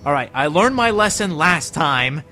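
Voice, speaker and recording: Excitable young man doing game commentary. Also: fairly high pitch, moderate pace. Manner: excitable, joking, rambling. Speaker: let's play commentator. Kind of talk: gameplay commentary.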